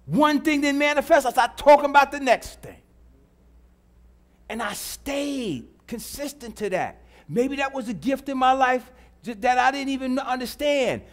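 A man's voice: very high voice, unhurried. A middle-aged man preaching a sermon in church, repeating his lines and calling out to the congregation. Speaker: pastor.

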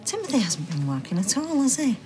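A woman's voice: fairly high pitch, sing-song, fairly quick, music in the background. An actress playing a suspicious woman who questions pointedly. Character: sharp, suspicious middle-aged woman. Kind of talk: TV soap drama acting.

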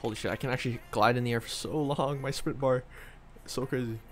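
A young man in casual gaming voice chat, slangy and prone to loud hyped-up exclamations. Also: mid-range voice, steady tone, quick pace, music in the background. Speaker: gaming friend.

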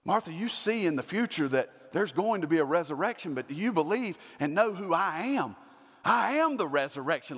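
A man's voice: high voice, sing-song, normal speed, fairly bright tone, husky, big-room sound. A man preaching a sermon as pastor, building to emphatic repeated questions. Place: church sanctuary.

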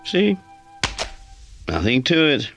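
A man's voice: mid-range voice, wildly swooping pitch, slow, vocal fry, pitched above the performer's own voice, exaggerated voice. A man voicing a cheerful, timid male dog who boasts a little, in a chirpy, jolly way. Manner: chirpy, jolly, a bit nervous. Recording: music behind.

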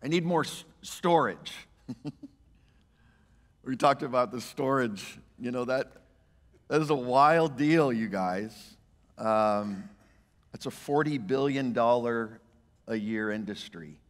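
A male pastor, preaching a sermon in an emphatic, animated way and voicing the quotes he reads. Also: medium pitch, slow, pauses often. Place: church sanctuary. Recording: church hall reverb.

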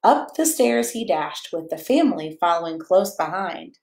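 A woman reading a picture book aloud to children in a playful, animated way, chatting to them and to her dog between pages. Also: fairly low pitch, normal speed, gravelly. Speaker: children's story reader. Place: church or home room, echoey. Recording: echoey room.

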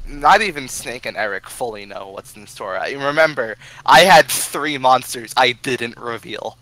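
A man running a tabletop game as game master, laid-back and unhurried. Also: mid-range voice, bright, forceful tone, no echo, rough recording.

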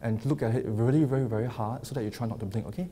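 A man's voice: medium pitch, mellow. Man hypnotizing volunteers in hall. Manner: slow, soothing hypnotic induction alternating with upbeat stage talk. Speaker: lecturer and hypnosis demonstrator. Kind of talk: live public lecture with hypnosis demonstration. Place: large lecture hall with audience. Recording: echoey hall, faint noise.

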